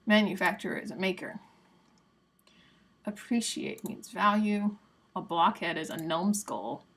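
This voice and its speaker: A woman's voice: mid-range voice, a bit bright. A woman from the United States hosting a livestream in a chatty, casual way, reading quiz answers aloud and laughing often. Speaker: livestream host.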